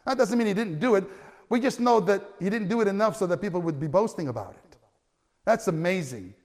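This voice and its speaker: A man preaching a sermon, telling a story with animated delivery that swells to loud cries and stumbles into restarts. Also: sits high, fairly quick. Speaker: pastor. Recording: long hall reverb.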